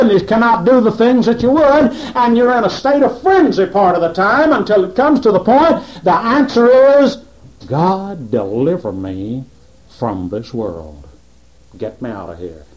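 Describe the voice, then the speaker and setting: Lively high-pitched preacher man. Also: poor audio. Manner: conversational preaching with rhetorical questions and pauses. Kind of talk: sermon.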